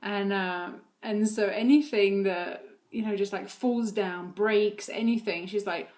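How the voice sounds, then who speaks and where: Brief: mum vlogger, casual chat, loose fillers, easy laughs. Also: female voice, medium pitch, steady tone, measured pace, darkish tone. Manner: chatty, many fillers, laughs often. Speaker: vlogger and mother. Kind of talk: casual chat about her toddler.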